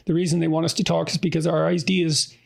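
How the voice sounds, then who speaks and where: A man with a high, gravelly voice and a husky, rough edge, speaking as a podcast host. He talks earnestly, thinking aloud in an intellectual conversation. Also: flat delivery, quick pace.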